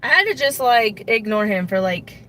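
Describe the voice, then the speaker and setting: A woman's voice: a little high, expressive, normal speed, a bit bright. A woman from Mississippi, vlogging in casual talk, blunt and candid with some swearing. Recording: car interior road noise.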